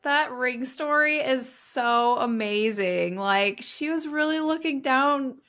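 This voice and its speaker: A woman hosts a podcast interview with a fairly high voice. She reacts to her guests with enthusiastic affirmations and asks friendly questions. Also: slow pace, a bit bright. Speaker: podcast host.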